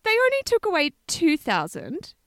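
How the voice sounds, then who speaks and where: A woman co-hosting a casual chat, telling stories in an animated way, swearing freely and laughing as she goes. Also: very high voice, normal speed, no echo, studio quality. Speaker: podcast co-host.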